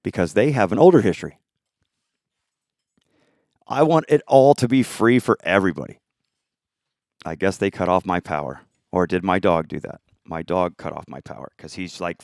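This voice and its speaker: A man in an angry, profane, unscripted rant, swinging between shouting and muttering. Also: sits low, expressive, moderate pace, dry recording, studio quality.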